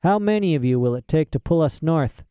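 A man's voice: a little high, animated, a little fast, mellow, smooth, no echo, clean studio sound, voice pushed up, lightly acted. A man doing a courteous drawling balloonist. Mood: polite. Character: polite easygoing male balloonist.

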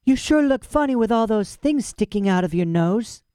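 A man's voice: high voice, expressive, normal speed, dark tone, clear, resonant tone, dry recording, clean studio sound, pitched above the performer's own voice. A man voicing a sly, smug male barn cat who teases and taunts in an audiobook. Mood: mocking. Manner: purring, taunting. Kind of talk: audiobook character voice.

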